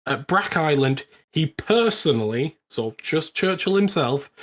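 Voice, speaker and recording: A British man co-hosting a podcast, telling a history story in casual, animated chat with frequent laughs. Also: a little high. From Britain. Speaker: podcast co-host.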